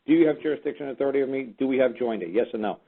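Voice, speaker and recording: A man's voice: medium pitch, rapid-fire, a little hiss or hum. A man hosting a call-in show, lecturing his callers in a blunt, exasperated way. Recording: tinny phone-line audio.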